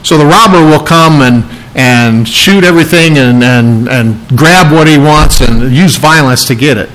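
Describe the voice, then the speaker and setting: A man's voice: a little high, unhurried, a bit bright, rough recording. A man preaching an expository sermon, explaining scripture verse by verse in an emphatic way. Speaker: pastor.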